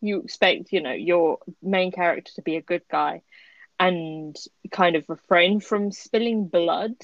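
A chatty woman co-hosting a podcast talks about a story with lively animation, laughing as she goes. She sounds close and dry, with no room around her. The sound is a little dull and lo-fi. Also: on the low side, a little slow, dry recording. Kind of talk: casual chat reviewing a story. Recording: dry, slightly muffled lo-fi recording.

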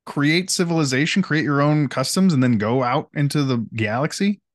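A man's voice: fairly high pitch, moderate pace, no echo, studio quality. A man co-hosting a casual chat podcast, easygoing and agreeable, laughing along with his partner. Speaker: podcast co-host.

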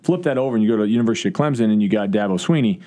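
Fast-talking low-voiced coach. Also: male voice, lively intonation, warm tone. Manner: quick, earnest talk with restarts and fillers. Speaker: college football coach. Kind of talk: podcast interview.

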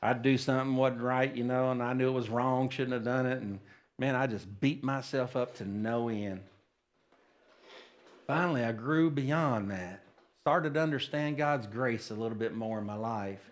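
A man's voice: medium pitch, moderate pace. A man preaching a sermon at a church service, plain-spoken and folksy, often checking in with the congregation. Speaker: pastor.

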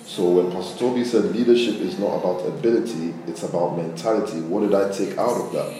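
A pastor with a low voice preaches a conversational sermon at a slightly fast clip, speaking straight to his people and animatedly acting out quotes. He's far from the mic in a very echoey room, with music playing behind him.

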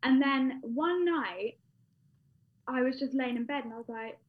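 A young woman with a British accent recounts a personal story in a loose, chatty manner, full of fillers and asides. Her voice sits fairly high. The recording sounds dull and lo-fi. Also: a little slow. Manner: chatty, with frequent fillers and laughs. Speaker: guest.

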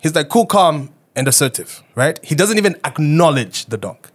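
A man co-hosting a podcast in casual chat, telling animated stories and acting out quoted voices, with some swearing. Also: a little high, normal speed. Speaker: podcast co-host.

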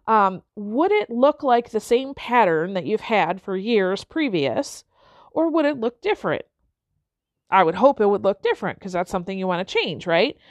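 A woman's voice: a little high, dry recording. Woman coach, dry close sound, checking in often. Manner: frequent checking-in tags like okay and right. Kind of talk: motivational talk to an audience.

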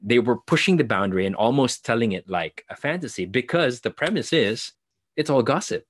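A man's voice: mid-range voice, lively intonation, fairly quick, dry recording, clean studio sound. A young man with a Filipino English accent, speaking thoughtfully in an interview, expanding on his ideas with occasional self-corrections. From Philippines. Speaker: actor, interview guest. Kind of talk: conversational interview.

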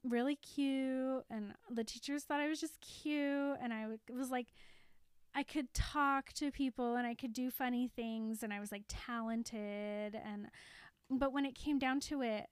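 A woman in her thirties, an animated podcast co-host who laughs easily while casually recapping a show. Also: high voice, measured pace, clean tone, dry recording, clean studio sound. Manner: animated storyteller, laughs often.

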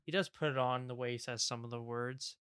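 A man's voice: mid-range voice, steady tone, a little fast, fairly bright tone, smooth, no echo, clean studio sound. A man co-hosting a podcast, rambling easily in casual chat with lots of fillers. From England. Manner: easygoing, rambling with many fillers. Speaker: podcast co-host.

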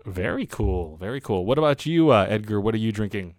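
A man's voice: lowish voice, lively intonation, brisk, no echo. Upbeat podcast host man, dry mic. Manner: upbeat, filler-heavy host patter. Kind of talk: casual chat over beers.

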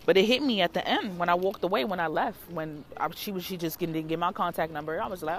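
A woman tarot reader telling a story in a casual vlog, animated, dramatic and full of swearing. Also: fairly low pitch, fast, hardly any pauses, slight background noise.

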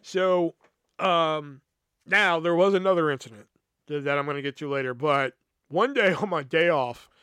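Profane storytelling man, slightly high voice. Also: normal speed, smooth, no room sound. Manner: profane, animated retelling with quoted dialogue. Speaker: podcast host. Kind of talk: casual storytelling.

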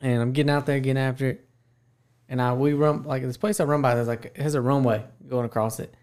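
Animated man telling a story. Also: medium pitch, quick pace. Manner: animated storyteller, laughs often. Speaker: podcast co-host telling a story. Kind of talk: casual chat.

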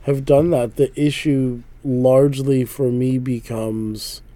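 A man from Philadelphia chats casually on a podcast, leaning into stories and breaking into laughter often. His voice sits at an average pitch, recorded close and dry with no room sound. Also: fairly even intonation, slow, mellow, dry recording. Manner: laughs often, storytelling, repeats "like". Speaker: podcast co-host.

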